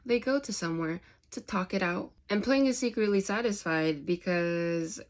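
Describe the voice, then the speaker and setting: A woman's voice: mid-range voice, moderate pace. A woman vlogger casually recapping a book chapter, chatty and full of "like".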